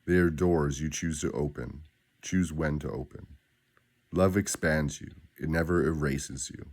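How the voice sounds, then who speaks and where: Man, extremely low voice, unhurried affirmations, deliberate pauses. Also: darkish tone. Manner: slow, deliberate, grounded delivery with pauses. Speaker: affirmation guide. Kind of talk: spoken affirmations.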